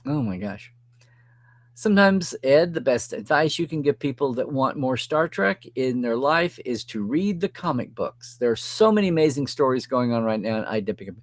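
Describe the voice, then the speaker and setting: A middle-aged man hosting a live stream, reading viewer comments aloud and reacting in a chatty, animated way. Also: medium pitch, normal speed.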